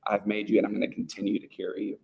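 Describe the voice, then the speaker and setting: A man's voice: fairly low pitch, completely flat delivery, very fast, vocal fry, narrow, tinny audio. A man leading a small-group Bible study in a casual, conversational way, often checking in with his listeners. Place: church room with a men's group.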